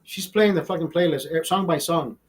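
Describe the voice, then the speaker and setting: A man in his fifties telling a personal story in a profane, rambling, animated way, full of restarts. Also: a little high, brisk, husky. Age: 50s. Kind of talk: casual storytelling.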